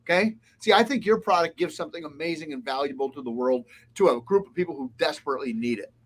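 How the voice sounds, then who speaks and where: This guest, a restaurant consultant, has a slightly high voice and talks fast. In a casual interview he lists points bluntly and with heavy emphasis.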